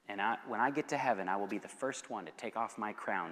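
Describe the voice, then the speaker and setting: A man giving a passionate youth sermon and answering students' questions, swinging between loud urgency and hushed intensity. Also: on the low side, fast, hardly any pauses, big-room sound. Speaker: guest speaker. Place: school assembly hall.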